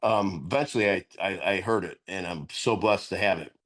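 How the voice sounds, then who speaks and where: A middle-aged man speaking candidly as a sponsor at a recovery meeting, earnest and animated, laughing often and jumping higher when he stresses a point. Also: fairly quick.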